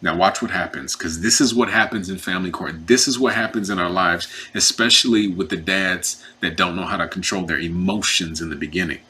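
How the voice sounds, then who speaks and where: Husky, forceful man telling his story. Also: low voice, brisk, hardly any pauses. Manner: animated, acts out what others said; emphatic, indignant. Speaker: self-represented parent in a custody case. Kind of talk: casual storytelling commentary.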